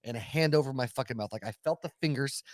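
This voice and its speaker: A man's voice: mid-range voice, quick pace, no echo. Foul-mouthed man telling a story, dry sound. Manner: profane, animated storyteller. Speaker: podcast co-host. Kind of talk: casual chat.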